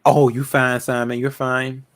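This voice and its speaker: A man's voice: medium pitch, completely flat delivery, a little slow, a bit bright, a little hiss or hum. A man hosting a casual live chat with callers, laid-back and rambling, with lots of fillers. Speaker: livestream host.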